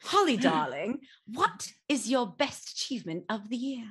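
A woman's voice: on the high side, sing-song, moderate pace, fairly bright tone, slightly rough, full character voice. A woman putting on a posh, theatrical British-accented voice as a playful bit.

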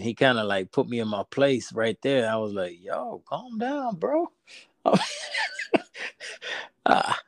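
A man's voice: lowish voice, no room sound, clean studio sound. Rambling man telling a story. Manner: rambling storyteller with many restarts, animated quoted voices. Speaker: podcast co-host. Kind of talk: casual podcast chat.

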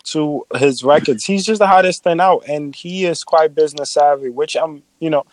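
A young man chatting casually and excitedly, joking and quick to laugh. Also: a little high, dry recording. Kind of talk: casual chat.

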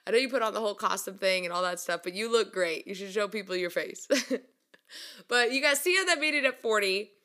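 A young woman telling a story casually and mocking herself, laughing often and jumping up in pitch when she acts out quotes. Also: fairly quick. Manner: chatty and self-mocking, laughs a lot; animated, voice jumps up when acting out quotes. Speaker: vlogger.

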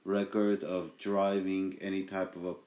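A young man with a very deep voice hosts a homemade podcast. He rambles casually, stopping and restarting with plenty of fillers. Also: little pitch movement, measured pace, a little mellow. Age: young adult. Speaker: podcast host.

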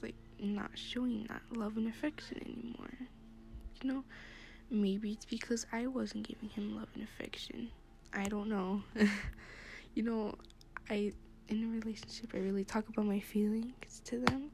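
A young woman with a fairly high, mellow voice hosts her own podcast from a classroom, chatting casually and rambling with plenty of fillers and frequent laughter. Music plays behind her, and there's slight background noise.

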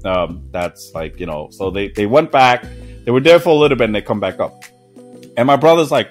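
A man's voice: on the low side, lively intonation, fairly quick, faint music behind. A man in his twenties telling a story in a casual podcast chat, laughing often and swearing freely. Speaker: podcast host.

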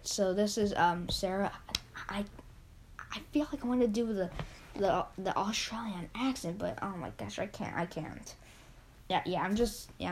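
A woman's voice: mid-range voice, darkish tone, slight background noise, poor audio. A woman reading a children's comic aloud, giggly and often stopping herself partway through. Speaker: reader.

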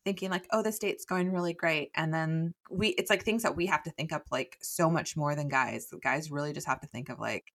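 Bright-voiced young woman chatting. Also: low voice, fairly quick. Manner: chatty storytelling with constant fillers. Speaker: guest telling dating stories. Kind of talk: casual chat.

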